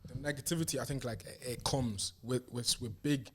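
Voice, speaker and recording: A man's voice: mid-range voice, a little fast, slight background noise. A man guesting on a podcast, speaking earnestly in a motivational way, with many restarts and "do you get me". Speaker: podcast guest, music manager. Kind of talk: casual chat.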